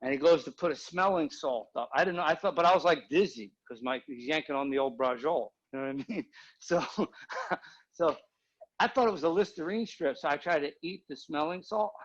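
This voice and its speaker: A guest comedian with a higher-pitched, brisk voice spins a rambling funny story over a video call, the audio muffled. He keeps checking in with "you know what I mean?" to see if his listener is following.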